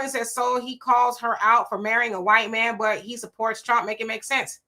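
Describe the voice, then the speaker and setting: Chatty bright-voiced woman host. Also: fairly high pitch, steady tone, moderate pace. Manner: chatty, opinionated, laughing asides. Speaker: livestream host. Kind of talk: casual live chat reading viewer comments.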